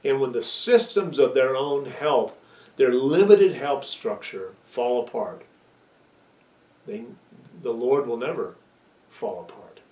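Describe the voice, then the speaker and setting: Man, pastor delivering an earnest storytelling sermon, mid-pitched, a bit off-mic in a roomy space. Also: animated, takes it slowly, pauses often, warm tone, distant mic. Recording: echoey room, away from the mic.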